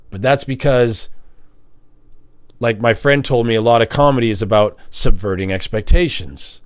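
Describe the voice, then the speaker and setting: A man talking into a microphone in a rambling confessional monologue, swinging between high mock voices and low mutters. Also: expressive, moderate pace, smooth. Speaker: vlogger and musician. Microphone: standing at a microphone.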